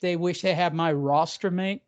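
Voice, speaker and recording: A man's voice: extremely high pitch, huge pitch swings, a little fast, a bit bright, lo-fi sound, pitched above the performer's own voice, exaggerated voice. A man voicing a brash, boastful English boxing promoter who keeps repeating himself. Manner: cocky, repetitive "listen, mate" bluster.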